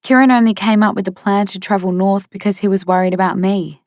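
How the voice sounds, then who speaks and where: A woman's voice: medium pitch, fairly even intonation, a little fast, darkish tone, dry recording, clean studio sound, natural voice. A woman voicing a distressed, angry young woman who speaks urgently. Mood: remorseful. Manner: urgent, emotional.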